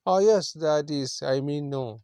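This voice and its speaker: A man reading a calm post office clerk. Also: on the high side, unhurried, clean tone, no room sound. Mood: plain.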